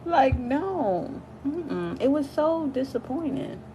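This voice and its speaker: A woman vlogger telling a casual storytime rant, animated and profane, her voice jumping high and loud when she gets worked up. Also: takes it slowly, a little hiss or hum, poor audio.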